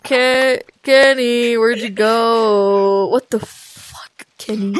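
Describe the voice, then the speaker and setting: A woman giving let's play commentary, talking back to a game character with loud exclamations, scolding, frequent laughter and swearing. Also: on the high side, flat delivery, very slow, hardly any pauses. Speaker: gaming video creator.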